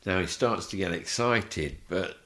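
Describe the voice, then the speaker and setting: A man on a podcast telling animated showbiz stories, laughing as he acts out the people in them. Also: low voice, a little slow. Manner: animated, laughing storyteller acting out voices. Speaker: guest telling anecdotes. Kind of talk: podcast interview storytelling.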